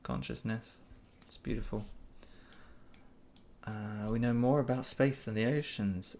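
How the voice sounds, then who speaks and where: A man with a mid-range voice hosts a casual live Q&A, answering viewer questions for his channel. He speaks slowly in an easygoing, upbeat way, rambling with fillers and restarts.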